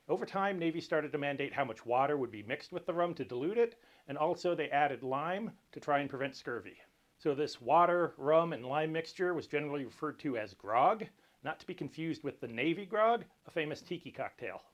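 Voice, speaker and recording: Dry-humored man hosting a cocktail show. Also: on the high side. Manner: dry, lightly joking explainer. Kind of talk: casual cocktail tutorial.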